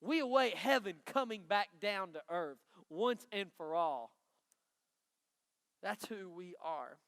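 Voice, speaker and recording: A man preaching a lively youth sermon from a stage, emphatic and joking with the students. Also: high-pitched, takes it slowly, clear, resonant tone. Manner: energetic, emphatic, bantering with the audience. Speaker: youth pastor. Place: stage in a large hall before a student crowd. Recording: long hall reverb.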